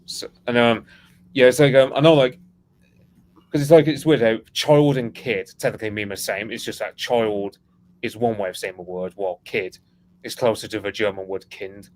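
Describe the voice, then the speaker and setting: A man with a low voice co-hosts a casual history livestream. He rambles through explanations with lots of "um" and "like", and a faint hum of noise sits behind him. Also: moderate pace, rough recording. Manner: rambling, heavy on fillers like "um" and "like". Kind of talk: casual live-stream chat.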